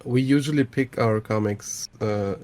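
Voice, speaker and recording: A man's voice: fairly low pitch, unhurried, darkish tone. A man co-hosting a casual podcast, polite and a little apologetic in how he speaks. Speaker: podcast co-host. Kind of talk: casual group chat.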